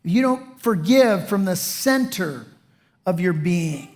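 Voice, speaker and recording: A man's voice: high-pitched, expressive, takes it slowly. A male pastor preaching a sermon in a folksy, conversational way, often saying "you know".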